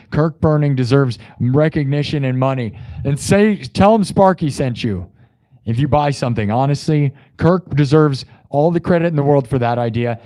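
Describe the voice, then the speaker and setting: A young man chatting on his live stream with a sore throat from hours of yelling, effusive, thanking viewers and swinging between loud hype and quiet asides. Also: mid-range voice, normal speed.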